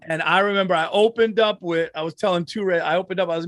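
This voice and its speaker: A man with a notably high voice hosts a podcast in easygoing chat. He tells stories with animation and swears freely. The sound is dry and close, with no room at all. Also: fast talker, a bit bright, no echo. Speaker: podcast host. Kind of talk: casual chat.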